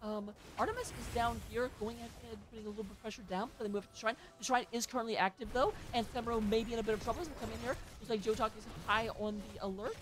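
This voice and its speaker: A woman casting an amateur esports match with play-by-play commentary, chatty and excitable, with joking asides. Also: fairly high pitch, racing, few pauses, noisy background. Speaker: esports caster.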